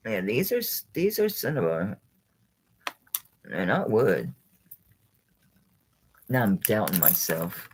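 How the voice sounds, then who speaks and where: A woman's voice: a bass voice, huge pitch swings, slow pace, pauses often, a little mellow, slight background noise, poor audio. A woman hosting a live jewelry sale stream, rambling chattily, thinking aloud, laughing often and talking to viewers by name. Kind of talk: casual live-stream selling chat.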